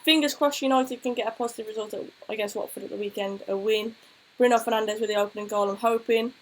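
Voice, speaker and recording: A woman's voice: fairly high pitch, steady tone, fast talker, rough recording. A woman co-hosting a casual football chat stream, thanking viewers and telling stories. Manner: chatty, thanks viewers, tells anecdotes. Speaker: co-host of a football chat show.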